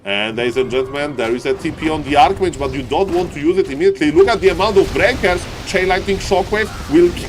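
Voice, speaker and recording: A man casting a strategy game live, with excitable play-by-play that keeps calling out to "ladies and gentlemen" and climbs high and loud in the fights. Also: fast talker, hardly any pauses, faint music behind. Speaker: esports caster.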